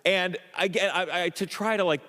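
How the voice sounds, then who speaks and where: Guy doing standup in a club, kinda high voice, trips over his words a lot, lots of reverb in the room. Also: moderate pace. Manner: animated storytelling with stammers and restarts, acting out quoted voices. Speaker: stand-up comedian. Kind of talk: stand-up comedy set. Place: comedy club stage. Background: audience laughter.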